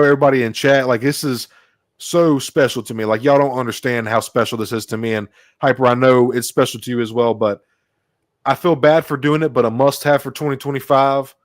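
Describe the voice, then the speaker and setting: A man co-hosting a podcast, chatting casually in a rambling, excitable way and swearing freely. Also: mid-range voice, dry recording, studio quality. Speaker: podcast co-host.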